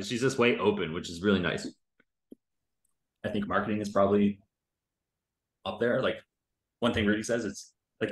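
A man's voice: on the low side, fairly bright tone, echoey room. A man reviewing a recorded sales call in casual commentary, loose and chatty, full of filler words and the odd swear.

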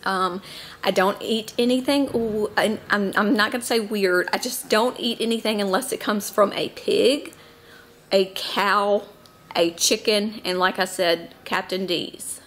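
A woman in her thirties with a Southern US accent talks casually to the camera at home. She rambles easily from one thought to the next, with plenty of ums and side remarks. Her pitch sits in a middling range. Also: steady tone, unhurried, a bit bright. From Southern United States. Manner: chatty and rambling, with many ums and asides. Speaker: mom vlogger.

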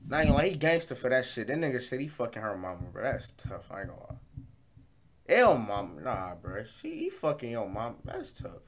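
A man hosting a reaction video, giving loud, incredulous, slang-heavy commentary and repeating "bro". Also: mid-range voice, wildly swooping pitch, fairly quick. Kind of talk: profane comic reaction commentary.

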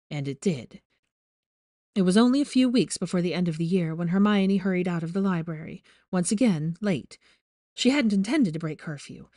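A woman reading fan fiction aloud with steady, measured storytelling. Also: on the low side, dry recording, clean studio sound. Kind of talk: audiobook narration.

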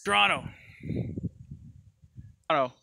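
A man performing a comedy sketch, trading quick back-and-forth lines and tagging them with "eh". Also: a little high, gravelly, bright, forceful tone, no room sound, clean studio sound. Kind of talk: comedy sketch, playing several people in turn.

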